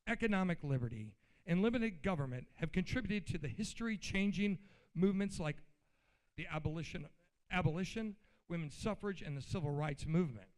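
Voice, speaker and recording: A man with a high, light voice speaks at a convention podium, blunt and riled up. He talks in a loose, colloquial way and keeps jumping between plain explanation and heated outbursts. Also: clear, resonant tone. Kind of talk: informal political speech. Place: convention hall.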